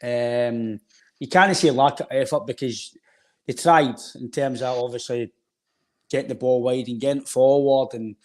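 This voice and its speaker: Speaking at a moderate pace in a steady, mid-range voice with a slightly mellow quality, this Scottish co-host chats casually about football on a podcast. He rambles conversationally despite a sore throat.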